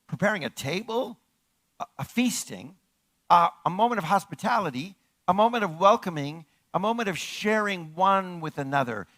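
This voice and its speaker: A man preaching a sermon as pastor. He repeats his points and asks the congregation rhetorical questions, moving from hushed, close lines to loud, emphatic calls. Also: sits high, animated, normal speed, no echo.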